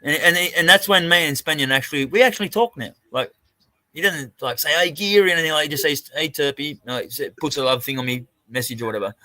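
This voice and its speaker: A man's voice: on the high side, fast, bright, forceful tone, no room sound. An Australian man swearing freely as he tells a rambling story in a casual live-stream chat over a video call. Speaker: co-host.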